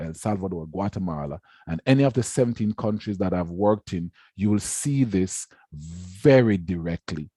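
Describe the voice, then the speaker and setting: A man's voice: low voice, warm tone, dry recording, studio quality. A man giving a formal lecture on education, speaking emphatically and repeating words to stress his points. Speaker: education researcher giving a talk.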